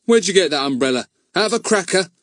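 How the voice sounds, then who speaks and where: A man's voice: high-pitched, expressive, quick pace, fairly bright tone, no room sound, pitched above the performer's own voice. A man voicing a witty, cheeky ice cream seller who teases and mocks, in a storybook reading. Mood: mocking. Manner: mocking, teasing.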